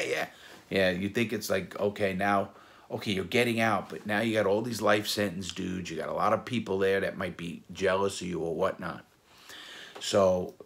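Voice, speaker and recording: A man's voice: sits low, vocal fry. A man casually telling prison stories from his own past, blunt and profane, acting out the quoted dialogue. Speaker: former jewel thief telling prison stories. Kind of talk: casual storytelling.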